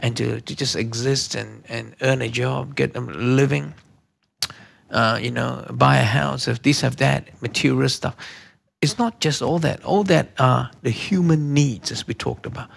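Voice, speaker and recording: Slow gravelly man teaching a church lesson. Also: mid-range voice. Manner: repeats key questions, checks in with "okay?"; slow emphatic delivery with hesitant restarts.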